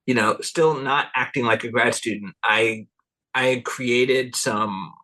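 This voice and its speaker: Speaking in a mid-range voice with a sharp tone, a middle-aged man tells meandering stories as a cultural anthropologist guest. The interview is relaxed; he laughs a lot and acts out other people's words.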